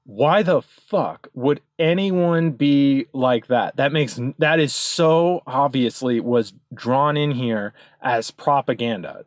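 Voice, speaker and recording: Over images of cards, a man rants through a commentary video, insistent and profane, rambling along with plenty of fillers. His voice is mid-range, with no echo.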